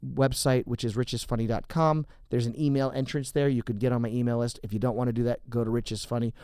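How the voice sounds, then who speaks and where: A man's voice: medium pitch, fairly even intonation, quick pace, dark tone, clear, resonant tone, dry recording. A male comedian, a guest on a podcast, telling a rambling, profane story full of restarts in a studio.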